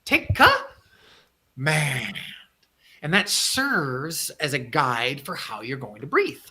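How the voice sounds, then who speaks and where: Bright-voiced man coaching on a livestream. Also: mid-range voice, sing-song, measured pace. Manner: earnest, emphatic, repeats phrases for effect. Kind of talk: livestream talk and guided breathing.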